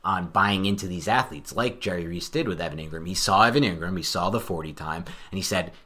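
A man with a fairly low voice hosts a sports podcast. He talks quickly and with energy, stacking point on point in loose, casual chat. He pokes fun at himself now and then. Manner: fast, animated, self-deprecating. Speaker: podcast co-host.

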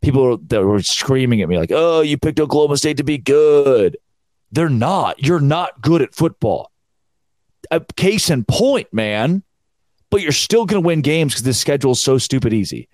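A young man, hosting a solo college football podcast in a sarcastic, animated rant. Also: mid-range voice, normal speed, dry recording. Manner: sarcastic, animated, mocking quoted fans. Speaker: podcast host.

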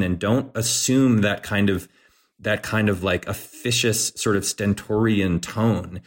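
A man speaking as a guest on a political podcast, animated, acting out quoted voices, with frequent restarts. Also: on the low side, unhurried.

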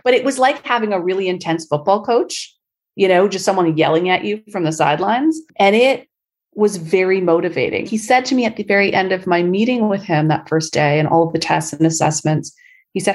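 A woman's voice: fairly low pitch, a little fast. A middle-aged woman from Canada, a guest telling stories in a casual interview, chatty and full of fillers. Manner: chatty, filler-heavy storytelling.

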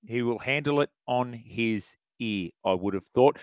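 A man's voice: medium pitch, unhurried, no echo. A man with an Australian accent hosting a sports radio show, talking in a chatty, opinionated way and chuckling as he goes. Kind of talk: casual sports commentary.

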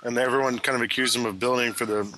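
A man co-hosting a casual basketball podcast, giving measured, thoughtful takes. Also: mid-range voice, steady tone, noisy background. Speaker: podcast co-host.

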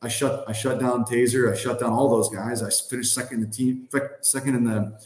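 A man's voice: mid-range voice, steady tone, fairly quick, a little mellow. A man in his thirties, a podcast guest, telling casual stories that ramble and lean heavily on fillers like "like" and "you know". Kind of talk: casual storytelling. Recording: roomy echoey sound.

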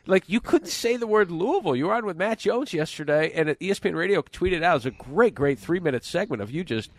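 A male sports radio host bantering and ribbing his co-host. His voice sits a bit high and sounds dry and close to the mic. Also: animated, fast talker, dry recording. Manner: teasing, joking. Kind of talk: casual radio banter and live ad reads.

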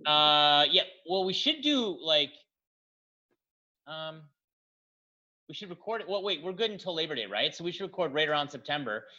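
A man podcast host with a fairly high, bright and forceful voice. He talks playfully and eagerly with his guest. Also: lively intonation, moderate pace, pauses often, muffled recording. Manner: playful, enthusiastic. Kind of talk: casual podcast chat.

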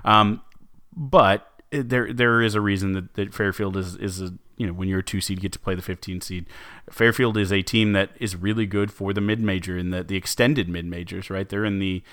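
A man's voice: sits low, fairly even intonation, normal speed, a bit bright, dry recording. A man co-hosting a sports podcast, chatting casually with lots of fillers and restarts. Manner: chatty, many fillers and restarts, laughs easily. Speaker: podcast co-host.

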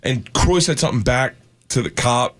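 A man from Florida, a comedian telling wild stories on a radio show, animated and laughing through his punchlines. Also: medium pitch, moderate pace. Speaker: comedian guest. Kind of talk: casual chat, storytelling.

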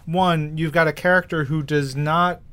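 A man's voice: fairly high pitch, steady tone, moderate pace, fairly bright tone. A man with a Long Island or New York accent, co-hosting a podcast and gushing about comics in casual chat. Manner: enthusiastic, gushing. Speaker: podcast co-host.

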